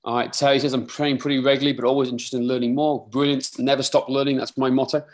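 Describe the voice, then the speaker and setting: Male, 30s, British with a Welsh twang, friendly webinar host, mid-pitched and upbeat. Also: flat delivery, very fast. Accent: Welsh-tinged British. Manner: upbeat, chatty, reading out viewer comments. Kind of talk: live webinar chat.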